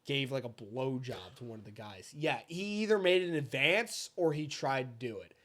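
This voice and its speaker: A young man in his twenties, co-hosting a podcast and telling a long, profane story in casual, animated chat. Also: medium pitch, normal speed. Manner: animated, swearing, bursts into loud impressions. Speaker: podcast co-host.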